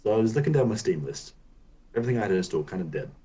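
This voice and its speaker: A man with a deep, low-pitched voice co-hosts a gaming podcast. He talks in a loose, rambling way and swears casually as he explains things. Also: very animated, racing, dark tone, low-quality recording. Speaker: podcast co-host.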